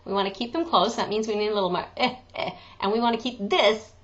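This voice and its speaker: A woman's voice: medium pitch, quick pace, fairly bright tone, highs cut off. A woman teaching an online singing lesson, chatty and joking, breaking into sung examples. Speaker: vocal coach.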